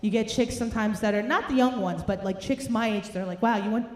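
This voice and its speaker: Hungover, a woman stand-up comedian rants through a brash, profane set on a comedy club stage. Her voice is mid-range and a little fast, and the recording has a roomy club sound with faint noise.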